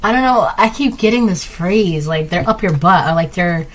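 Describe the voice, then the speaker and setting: A woman gives a casual, rambling tarot reading at a moderate pace, peppering her talk with "like" and "right?" and acting out quoted lines in a higher voice. The recording quality is low.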